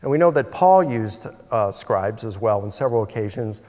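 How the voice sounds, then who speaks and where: A man's voice: on the low side, expressive, normal speed, a little mellow. A man in a debate questioning his opponent in a conversational way with hesitations. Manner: conversational, with fillers and restarts. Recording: echoey hall.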